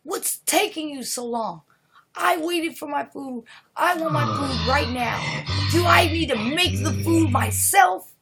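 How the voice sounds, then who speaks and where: A woman's voice: a little high, expressive, a little slow, music in the background. A woman voicing an arrogant, demanding rich businessman in a told horror story, bossy and impatient.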